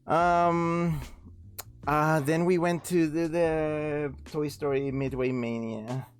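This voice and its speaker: A man's voice: on the high side, steady tone, takes it slowly, faint music behind. A man in casual chat on a game stream, rambling through a story with many fillers and restarts. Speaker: stream guest.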